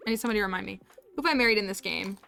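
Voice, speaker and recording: A woman's voice: mid-range voice, racing, gravelly, sharp tone, clear, resonant tone. A woman chatting casually to viewers while streaming a farming game, giggly and talkative. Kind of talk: casual live-stream chat while gaming.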